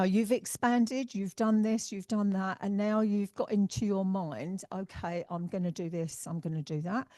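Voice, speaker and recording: A woman's voice: mid-range voice, no room sound, clean studio sound. English woman medium giving spirit messages. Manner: warm, reassuring, halting with fillers and sighs. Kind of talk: mediumship demonstration. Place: church hall.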